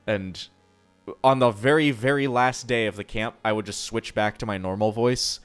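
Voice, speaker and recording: A man's voice: lowish voice, fairly even intonation, moderate pace, clean tone, faint music behind. A man streaming live, chatting casually and answering chat, rambling and swearing freely.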